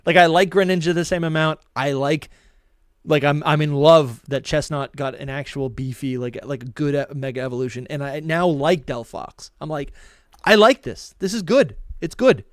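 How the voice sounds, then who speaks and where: An excitable man chats on a podcast, tripping over his words and starting again. His voice sits somewhat high. The sound is dry and close, with no room around it. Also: moderate pace, smooth, no room sound. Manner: excitable, stumbles and restarts, reads entries aloud. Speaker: podcast co-host. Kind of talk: casual chat, reading Pokédex entries aloud.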